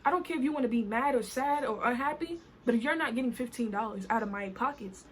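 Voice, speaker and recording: A woman from New Jersey telling a story time vlog in an animated, colloquial way, full of "I was like". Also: on the high side, fast talker, slight background noise. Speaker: vlogger.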